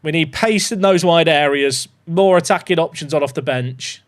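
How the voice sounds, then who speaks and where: A young man chatting through a football management game, joking and bursting into excited shouts. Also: on the high side, normal speed. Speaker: gaming YouTuber.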